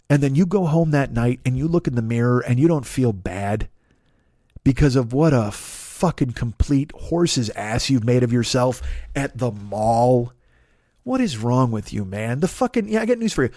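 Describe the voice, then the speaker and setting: A man's voice: fairly high pitch, expressive, moderate pace, darkish tone, no echo, studio quality. A man in his forties, a comedian hosting his own show, ranting with heavy swearing and mocking voices. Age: 40s. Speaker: comedian podcast host. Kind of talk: profane comedic rant.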